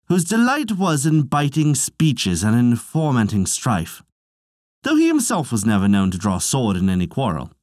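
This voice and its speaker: A man narrating an old legend as a scripted audiobook, in unhurried, expressive storytelling. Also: mid-range voice, dry recording, clean studio sound. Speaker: podcast narrator.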